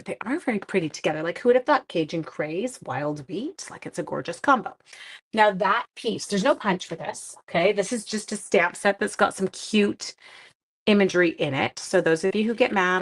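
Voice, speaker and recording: Hosting a live card-stamping demo, a woman with a fairly low voice speaks slightly fast, chatting and fielding viewer comments while crafting. She comes across as talkative and self-deprecating.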